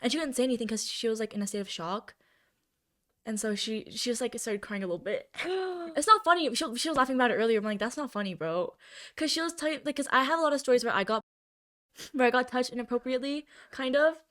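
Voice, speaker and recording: A woman's voice: on the high side, fast talker, a bit bright. A young woman co-hosting a podcast, telling rambling stories full of fillers in casual chat. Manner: rambling storyteller, many fillers. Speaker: podcast co-host.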